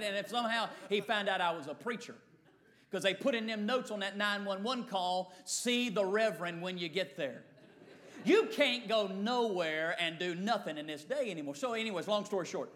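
Animated preacher telling a story. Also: male voice, high-pitched, moderate pace, pauses often. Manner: animated Southern drawl, acting out quoted voices. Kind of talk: comic storytelling.

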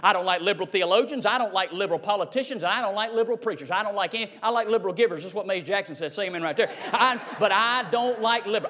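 A man preaching a fiery sermon, rising to shouts and dropping to a low hush. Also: big-room sound.

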